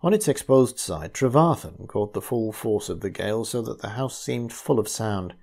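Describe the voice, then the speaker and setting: Mellow-voiced man reading a ghost story. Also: on the low side, gravelly, slightly rough. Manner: measured, steady storytelling. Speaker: narrator.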